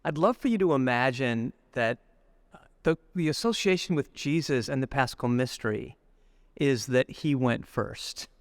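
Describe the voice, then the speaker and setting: A middle-aged man giving a spiritual retreat reflection, deliberate and storytelling, slowing down to linger on lists of words. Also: medium pitch, animated, no room sound, studio quality. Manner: storytelling, acts out everyday speech. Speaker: retreat speaker.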